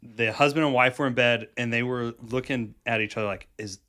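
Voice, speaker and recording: Bright-voiced man telling a story. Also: mid-range voice. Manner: animated storyteller, quick asides and restarts. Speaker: podcast co-host. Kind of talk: casual chat.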